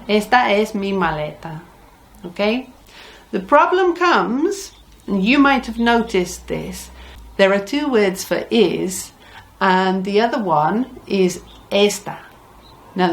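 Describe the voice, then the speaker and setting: A middle-aged woman teaching a language lesson, patiently repeating words for learners. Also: mid-range voice. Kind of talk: slow, deliberate Spanish lesson.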